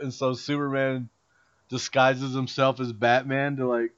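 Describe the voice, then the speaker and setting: A man co-hosting a podcast in casual chat, animated and slangy with lots of "like" fillers. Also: medium pitch, unhurried, clear, resonant tone. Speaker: podcast co-host. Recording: dull lo-fi sound.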